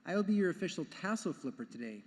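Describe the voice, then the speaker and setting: A man's voice: high-pitched, big pitch swings, fast talker. A man speaking as the education council chair at a graduation ceremony, earnest and sometimes repeating himself. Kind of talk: ceremony speech. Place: large hall. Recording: long hall reverb.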